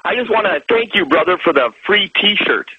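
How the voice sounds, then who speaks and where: A man's voice: high voice, expressive, normal speed, no echo. A man from Minnesota calling in to a radio show, eager and rambling as he tells a story. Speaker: caller. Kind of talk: excited phone-in call. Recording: husky phone line.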